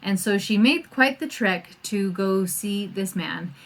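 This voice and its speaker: A middle-aged woman hosting a homeschooling podcast, talking in a chatty, animated way and acting out the voices she quotes. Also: medium pitch, slow pace. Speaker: podcast host and homeschool coach. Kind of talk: casual podcast talk.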